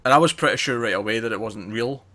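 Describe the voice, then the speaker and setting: A man co-hosting a casual chat show, talking in a lively, laughing way with frequent restarts. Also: on the low side, fast talker. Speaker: podcast co-host.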